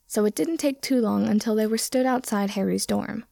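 A woman reading fan fiction aloud in a steady, plain storytelling manner. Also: mid-range voice, moderate pace, gravelly, dry recording, clean studio sound. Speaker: reader.

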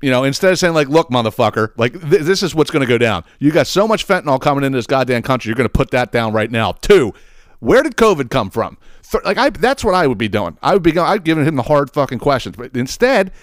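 A man's voice: medium pitch, quick pace, no room sound, clean studio sound. A man hosting a podcast, ranting casually with lots of swearing and mocking laughter. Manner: profane, mocking, animated with laughs. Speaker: podcast host.

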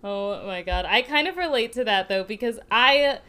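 A young woman co-hosting a podcast in loose, casual chat. Her voice is bright and smooth, sitting a little high. She talks fast and giggles a lot, often laughing at herself. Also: animated. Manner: giggly, chatty, self-deprecating. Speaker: podcast co-host.

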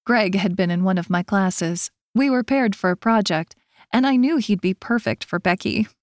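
A woman's voice: mid-range voice, moderate pace, no room sound, studio quality. A woman narrating a romance audiobook in first person, voicing the characters in turn.

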